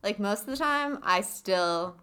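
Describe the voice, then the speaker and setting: A woman's voice: medium pitch, expressive, a little slow, pushed and bright, smooth. A woman from the Cleveland area with a Cleveland accent, co-hosting a podcast in chatty, playful casual talk. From Cleveland area, Ohio. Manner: chatty, lots of likes, playful mock indignation. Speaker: podcast co-host. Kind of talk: casual chat.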